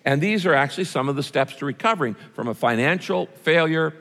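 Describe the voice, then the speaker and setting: A man's voice: on the high side, expressive, fast, fairly bright tone. A man preaching a sermon to a congregation in a church, talking in a conversational way and putting questions to his listeners. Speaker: pastor. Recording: reverberant hall.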